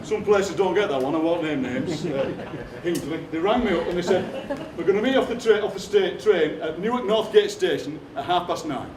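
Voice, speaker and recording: A man, telling comic stories to a live theatre audience in a deadpan way. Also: sits high, a little fast, few pauses, crowd noise. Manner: deadpan anecdotes, acting out other people's lines. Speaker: poet performing on stage. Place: theatre stage. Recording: roomy hall from a distance. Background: audience laughter.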